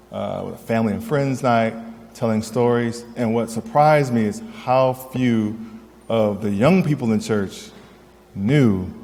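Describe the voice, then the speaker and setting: A man's voice: mid-range voice, mellow. A man giving an earnest public talk to an audience, checking in with "right?" as he goes. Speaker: historian speaker. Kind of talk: public lecture. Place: event hall. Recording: long hall reverb.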